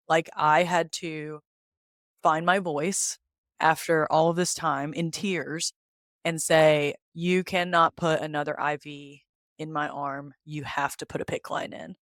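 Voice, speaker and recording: A woman's voice: low voice, no room sound, clean studio sound. Candid woman retelling a hospital ordeal. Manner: candid, animated retelling with quoted dialogue. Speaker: podcast host. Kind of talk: personal storytelling.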